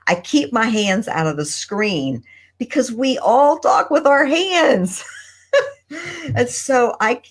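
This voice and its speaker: A woman on a video call at her desk, chatting on a panel and giving tips in a thoughtful, pausing way. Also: mid-range voice. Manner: thoughtful, deliberate, with pauses. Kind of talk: casual panel chat. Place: home desk.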